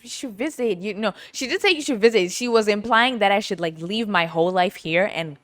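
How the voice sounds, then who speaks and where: A chatty woman podcaster talks through a story at a mid pitch, piling on asides as she goes. Her voice sits close and dry, with almost no room sound around it. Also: a little fast, no echo. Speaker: podcast host. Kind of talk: casual storytelling monologue.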